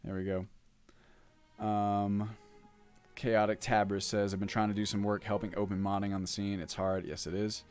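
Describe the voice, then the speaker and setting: A man's voice: lowish voice, flat delivery, normal speed, a little mellow, clean tone, soft background music. A man streaming casually while working, rambling, reading chat aloud and humming to himself. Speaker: modlist developer streamer.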